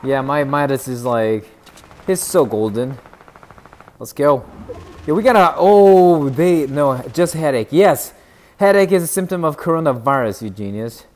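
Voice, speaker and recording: Young male streamer, slow-talking but jumpy, yelps sky-high then drops low, faint gunfire underneath. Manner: excitable, yelps in sudden high bursts; teasing banter with chat. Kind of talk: live game commentary.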